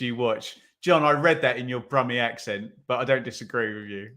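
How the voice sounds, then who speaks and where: A man's voice: mid-range voice, normal speed, a bit bright. A man hosting a live football watch-along, commenting on play and reading viewer comments with wry asides.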